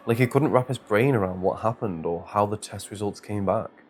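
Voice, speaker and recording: A man narrating a first-person horror story in a measured, scripted reading. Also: lowish voice, a little mellow.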